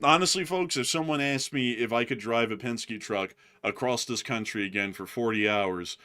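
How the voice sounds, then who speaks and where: A man's voice: medium pitch, normal speed, sharp tone. A man hosting a live stream in casual, rambling chat, calling the audience "folks" and piling up fillers. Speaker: livestream host.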